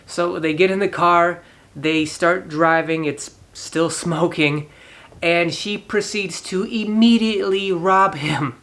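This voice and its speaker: A man's voice: sits high, steady tone, takes it slowly, fairly bright tone. A man hosting a casual movie review, retelling the plot animatedly, laughing often and acting out the characters. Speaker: movie reviewer, channel host.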